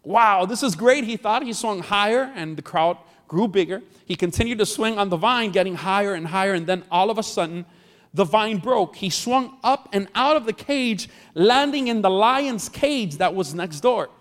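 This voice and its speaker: In a long-reverb church hall, a man preaches at normal speed in a high, expressive voice. As pastor he tells a story and jokes around, chatting freely with the congregation.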